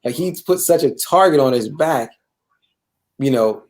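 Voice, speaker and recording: A man's voice: medium pitch, animated, unhurried, darkish tone. A man hosting a live gaming talk show, rambling and repeating himself, tagging lines with "bro" and "right?". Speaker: show host. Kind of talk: casual chat.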